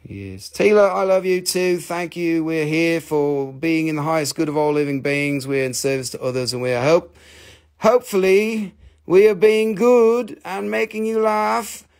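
This man's voice sits fairly high and moves at a measured pace. He's hosting a live crystal sale stream, chatting casually, joking and rambling while he swears freely and pokes fun at himself.

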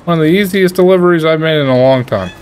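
Excitable gaming streamer, slightly high voice. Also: male voice, fast, a little hiss or hum. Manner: excitable, trash-talking, jokey. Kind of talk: casual gameplay commentary.

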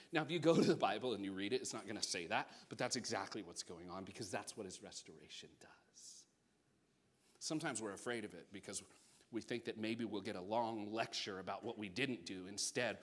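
A male pastor preaching a sermon, acting out voices in his stories, swinging between loud bursts and hushed asides, with jokey remarks. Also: lowish voice, quick pace. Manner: animated storytelling, acts out voices, jokey asides.

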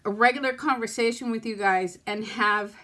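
A woman talks to her camera at home in a loose, rambling way. She sounds frustrated and close to tears, and her voice sits a little high. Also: moderate pace, sharp tone. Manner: frustrated, rambling, self-talk. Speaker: vlogger. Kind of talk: casual chat to camera.

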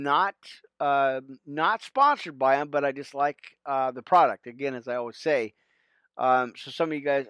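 Smooth-voiced chatty pastor man. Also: on the high side, fairly bright tone, no echo. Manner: rambling, chatty, many fillers and restarts. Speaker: pastor and podcast host. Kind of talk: casual livestream chat.

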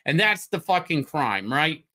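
A middle-aged man, a comic artist hosting his own show, ranting loudly and swearing as he jumps from topic to topic. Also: fairly high pitch, very animated, a little slow. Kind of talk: profane livestream rant.

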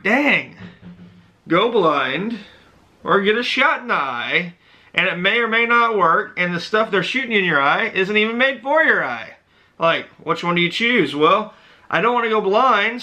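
A man hosting a reaction video, telling a story in an animated, excitable way. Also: high-pitched. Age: adult with a child. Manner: animated, excitable retelling with dialogue voices.

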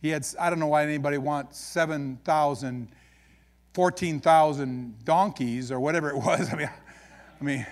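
High-pitched midwest pastor guy preaching, joking folksy storyteller. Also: normal speed. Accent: Upper Midwest American. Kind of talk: sermon.

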